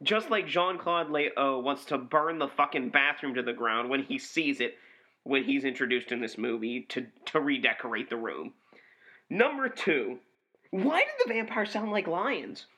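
A man's voice: medium pitch, animated, normal speed, pushed and bright. A man co-hosting a movie review podcast, swearing freely and ranting with exasperation in casual chat.

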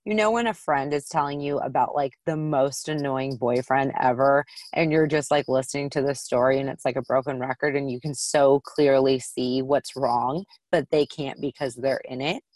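A woman's voice: a bass voice, moderate pace, hardly any pauses, a little mellow, dry recording. A woman guest on a podcast, chatting in an earnest, talkative way. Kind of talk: casual chat.

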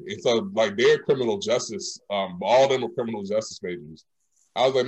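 A young man telling a story in casual chat, animated and slangy, acting out the lines of the people in it. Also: lowish voice, a little fast.

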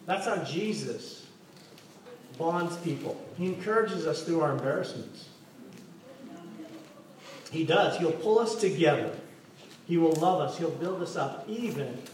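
A man preaching a sermon in a church, joking and asking the congregation questions. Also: on the high side. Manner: playful, jokes and asks the congregation questions. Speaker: pastor. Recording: echoey hall from far off, faint noise.

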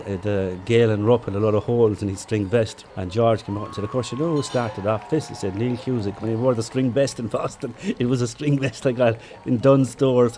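An older man with a Limerick Irish accent recalls old races in an easy, chatty way. His voice sits low and mellow, with a dark, soft tone. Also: a little hiss or hum. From Ireland. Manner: chatty anecdotes with chuckles. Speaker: interviewee, former marathon runner. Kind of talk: relaxed storytelling.

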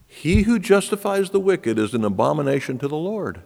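A man's voice: fairly high pitch, very animated, moderate pace, vocal fry, hardly any pauses, a little mellow. Preaching man in an echoing hall. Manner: emphatic, rising and falling preaching cadence. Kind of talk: sermon. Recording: long reverb of a large hall.

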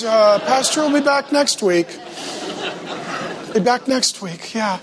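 High-voiced man preaching with humor. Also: slow, pauses often, background noise. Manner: humorous, acts out quoted voices; animated, talks to the congregation. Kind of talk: sermon. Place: church.

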